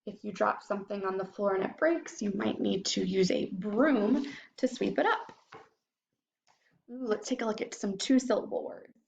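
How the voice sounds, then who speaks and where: A young woman teaching a phonics lesson to young children, sounding out word parts slowly and clearly. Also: medium pitch, fairly even intonation, lo-fi sound. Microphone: computer microphone.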